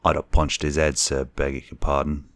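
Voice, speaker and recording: A man doing a Cockney bellboy, very deep. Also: little pitch movement, normal speed, no room sound. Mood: telling tale. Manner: deferential, keeps saying sir. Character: young Cockney bellboy, former soldier, anxious.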